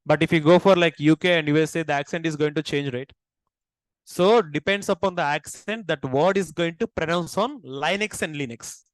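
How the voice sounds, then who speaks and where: High-pitched, Indian accent, teacher, repeats key points, dry sound. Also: male voice, fairly quick, no room sound, poor audio. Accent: Indian English. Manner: asks the class questions and repeats key points. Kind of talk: classroom lecture.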